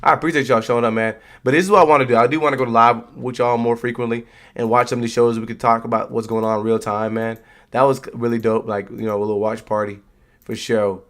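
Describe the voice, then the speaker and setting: Reacting to wrestling on stream, a young guy riffs with his viewers at a quick pace, chatting straight to them in easygoing slang. He has an ordinary mid-range male voice and keeps the whole thing laid-back and conversational.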